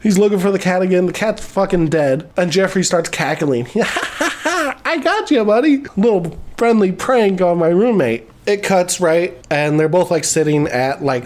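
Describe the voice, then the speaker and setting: A man's voice: a little high, moderate pace, few pauses, a little mellow. A man retelling a horror movie in a casual, rambling way, swearing a lot and laughing as he goes. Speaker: movie reviewer. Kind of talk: casual film recap.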